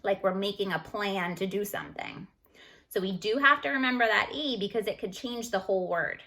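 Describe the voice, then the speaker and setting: A woman teacher going over a phonics lesson on a video call, slowly sounding out letters and words. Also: mid-range voice, creaky, sharp tone. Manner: slow, deliberate, sounds out each letter. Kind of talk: recorded phonics lesson review.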